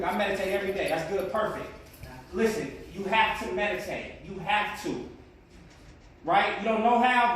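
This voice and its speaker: Earnest high-voiced man preaching to students. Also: a bit bright, a little hiss or hum. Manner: earnest, preachy, rising to emphatic peaks. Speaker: motivational speaker. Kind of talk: speaking to a class of students. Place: classroom. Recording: very echoey room, distant mic.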